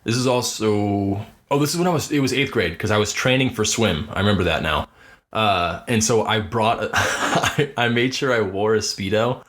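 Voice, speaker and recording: A young man co-hosting a podcast, telling stories in a lively, casual way, swearing and mimicking kids. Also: lowish voice, normal speed. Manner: animated storyteller, swears, acts out kids' voices. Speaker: podcast co-host. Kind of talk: casual chat.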